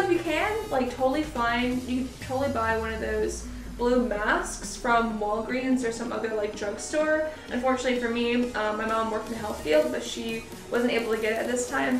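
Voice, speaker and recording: Here the cosplay vlogger, a college-aged young woman, speaks in a fairly high, somewhat bright voice from far off the mic. She keeps her makeup-and-costume tutorial casual, laughing often and saying "like" constantly, while the room echoes and soft music plays.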